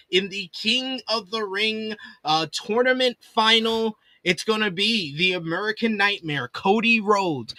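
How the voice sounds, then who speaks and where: A man's voice: high voice, pushed and bright, dry recording. Guy co-hosting a wrestling chat, dry close sound, sarcastic and laughing a lot. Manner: wry, sarcastic, laughs often. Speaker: podcast co-host. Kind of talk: casual wrestling preview chat.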